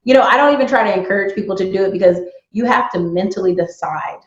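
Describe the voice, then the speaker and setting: Woman guest, animated storyteller, casual chat; room echo, a bit muffled. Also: medium pitch, fast. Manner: animated storyteller, acts out quoted voices. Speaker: guest, YouTuber and entrepreneur.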